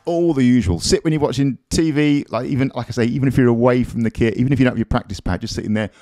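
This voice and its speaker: A man's voice: mid-range voice, fast talker, mellow. A man teaching a drum lesson in a casual, encouraging, chatty way, counting beats aloud as he plays.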